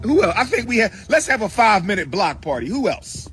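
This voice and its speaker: Male co-host, loud and jeering, animated delivery, music behind. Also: high-pitched, brisk. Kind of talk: casual reaction commentary.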